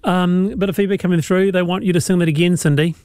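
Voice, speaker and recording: A male radio host with a rather high voice runs a live panel show. He keeps things brisk and friendly, and the studio sound is close and dry. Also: steady tone, a little mellow, clean tone, dry recording.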